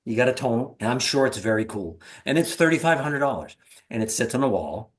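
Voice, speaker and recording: A man hosting an interview, chatting casually and joking with animated storytelling. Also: medium pitch, a little fast. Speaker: host.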